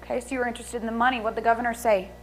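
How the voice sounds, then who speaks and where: A woman playing a lawyer who questions a witness in a measured, methodical way. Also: fairly high pitch, fairly even intonation, slight background noise, lightly acted, low-quality recording. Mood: probing. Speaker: attorney. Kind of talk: improvised courtroom drama.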